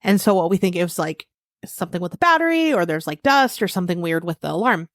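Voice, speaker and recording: Lively, animated woman podcaster. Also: fairly low pitch, quick pace, no room sound, clean studio sound. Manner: animated, playful storytelling. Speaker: podcast co-host. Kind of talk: casual chat.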